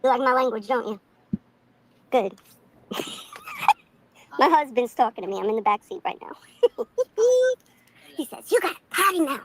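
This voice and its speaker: High, lively woman ranting from a car. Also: unhurried, pauses often, a little hiss or hum, poor audio. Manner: profane, fuming, laughing between lines. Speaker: livestreamer. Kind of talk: angry profane live-stream rant. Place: back seat of a car.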